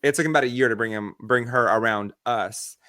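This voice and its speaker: A man co-hosting a podcast, chatting casually and telling animated stories with acted-out voices. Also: mid-range voice, a little fast, dry recording, studio quality. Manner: animated storyteller acting out voices. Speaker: podcast co-host. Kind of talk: casual chat.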